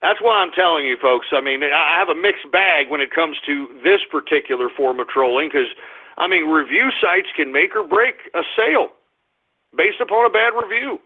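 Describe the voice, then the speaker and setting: A man's voice: fairly high pitch, normal speed. A man hosting a call-in show, ranting indignantly and swearing about rude customers and a troll caller. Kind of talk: ranting call-in talk radio. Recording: tinny phone-like line.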